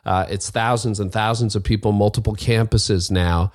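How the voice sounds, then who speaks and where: A man's voice: fairly low pitch, fairly even intonation, moderate pace, darkish tone, dry recording, studio quality. A middle-aged man hosting a podcast, chatty and upbeat, with frequent fillers. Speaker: podcast host. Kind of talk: podcast ad read and interview. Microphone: video call.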